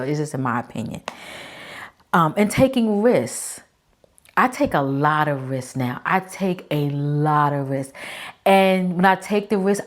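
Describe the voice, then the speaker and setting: Low-voiced chatty woman in her forties. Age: 40s. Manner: chatty, emphatic, talks to listener as "baby". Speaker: podcast host. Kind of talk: casual talk to camera.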